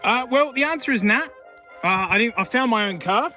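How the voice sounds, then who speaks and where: A high-pitched Australian man rambles through a casual outdoor vlog, his voice leaping all over the place as he jokes with the objects he finds. His delivery is excitable and loose, with music playing behind him. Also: brisk. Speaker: YouTube host. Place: outdoors in remote bushland, plagued by flies.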